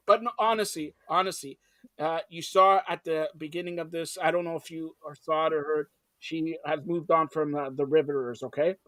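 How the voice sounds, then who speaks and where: Man, high pitch, dry close sound, playful host, teasing, talks over guests. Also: fairly even intonation, normal speed, fairly bright tone, dry recording. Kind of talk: casual interview chat.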